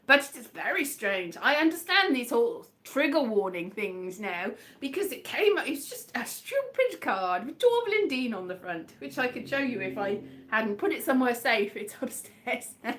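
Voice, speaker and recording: Bright rambling West Country woman. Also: a little high, very animated, normal speed, hardly any pauses. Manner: rambling, self-deprecating, chatty. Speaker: comedian hosting a livestream. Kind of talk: casual livestream chat.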